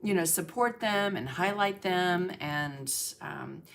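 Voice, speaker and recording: A woman's voice: fairly low pitch, slow, creaky, fairly bright tone, a little hiss or hum. A middle-aged woman hosting a casual art livestream, chatting and greeting viewers by name with lots of fillers. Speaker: livestream host, art instructor.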